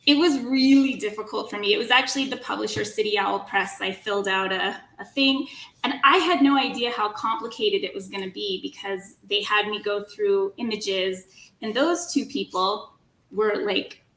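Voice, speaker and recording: A woman's voice: mid-range voice, normal speed, fairly bright tone. A woman author as a guest on a live chat, telling a story in a laughing, self-deprecating, casual way. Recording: echoey room with faint noise.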